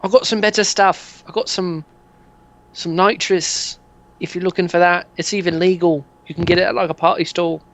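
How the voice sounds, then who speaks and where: A man's voice: high voice, flat delivery, normal speed, fairly bright tone, voice pushed up. A man voicing a pushy, sleazy male fixer who keeps nudging and saying "mate", on dull lo-fi audio. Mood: wheedling. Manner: wheedling, nudging, full of "mate" and "eh".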